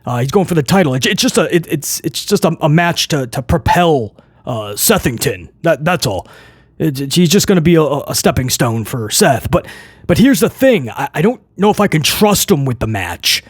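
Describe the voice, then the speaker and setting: A man's voice: sing-song, normal speed, slightly rough, no echo, studio quality. A man doing a mocking impression of a flustered wrestling boss, stammering and pleading on a phone call. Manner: stammering, mock-deep and pleading. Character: flustered stammering male wrestling boss begging his father-in-law on the phone.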